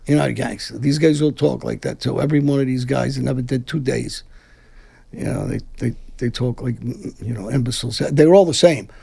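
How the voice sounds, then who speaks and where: A Brooklyn-born former mafia figure talks briskly as an interview guest, his mid-range voice creaky, warm-toned and slightly rough. The casual conversation finds him blunt and combative, with frequent swearing.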